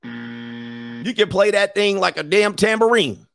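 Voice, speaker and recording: A stream host with a high, gravelly, slightly bright voice rants comically at a moderate pace, using casual slang and laughing often. The sound is studio quality with no echo.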